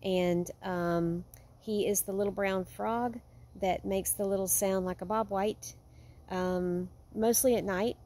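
A woman vlogging at home, talking in an earnest, heartfelt way that sometimes drifts soft and quiet. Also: mid-range voice, fairly even intonation, takes it slowly. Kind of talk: casual vlog monologue. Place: home with a yard.

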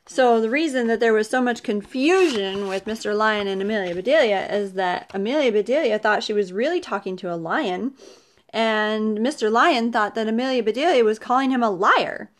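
A woman's voice: fairly high pitch, expressive, moderate pace. A woman storyteller reading a children's book aloud, adding chatty asides with laughs.

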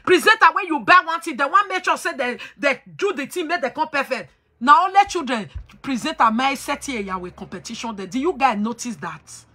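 A woman's voice: sits high, lively intonation, brisk, sharp tone. A woman hosting a talk show, lecturing her listeners in an emphatic, preachy way and slipping into pidgin. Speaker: host.

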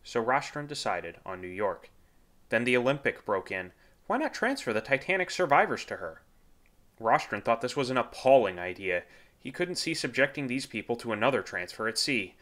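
A man reading a nonfiction history book aloud as an audiobook narrator, in a measured way, lifting his pitch when he voices quoted speech. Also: lively intonation, a bit bright.

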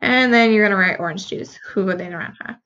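Bright-voiced woman teaching step by step. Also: medium pitch, fast talker, highs cut off. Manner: patient, step-by-step explaining. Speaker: Spanish teacher. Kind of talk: recorded review lesson.

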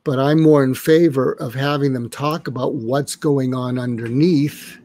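A man's voice: mid-range voice, steady tone, measured pace, mellow, no room sound. An older man, a psychiatrist guest on a live online interview, explaining ideas and acting out example dialogues. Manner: role-plays inner dialogue to illustrate. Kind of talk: conversational interview. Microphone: online live stream.

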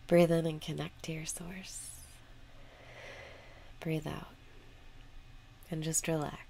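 A woman guiding a meditation with calm, unhurried spoken instructions. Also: sits low, creaky, a little hiss or hum. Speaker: meditation guide. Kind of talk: guided meditation.

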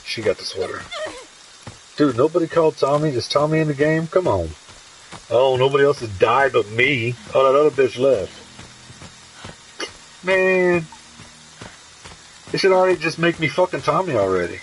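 A man streaming a horror game, talking casually and excitedly with lots of swearing as he hypes up another player. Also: medium pitch, normal speed, pauses often, slight background noise, low-quality recording. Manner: excitable, profane, hyping a fellow player. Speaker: gaming streamer. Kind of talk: casual gameplay commentary. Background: game music.

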